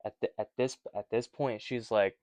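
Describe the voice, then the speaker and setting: A man's voice: lowish voice, steady tone, moderate pace, a little mellow, dry recording, dull audio. A man hosting a casual Bible study, reading passages and commenting with wry, rambling asides.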